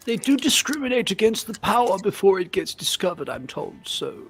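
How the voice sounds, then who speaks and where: A man's voice: high-pitched, sing-song, fairly quick, faint music behind. A man co-hosting a casual book discussion with wry, mock-formal remarks. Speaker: podcast co-host.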